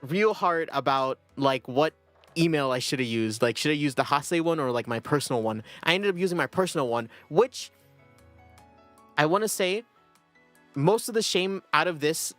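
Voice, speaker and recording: A man's voice: on the high side, animated, moderate pace, fairly bright tone, no room sound, soft background music. A young man chatting casually on a livestream, rambling and self-deprecating, often breaking into laughter. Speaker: streamer.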